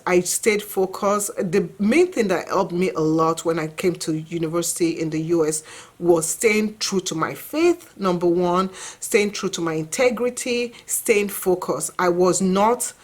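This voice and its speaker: Woman in her forties, lowish voice. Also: unhurried. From Nigeria. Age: 40s. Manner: reflective, earnest, conversational with fillers. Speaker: vlogger and mother. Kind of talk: personal storytelling to camera.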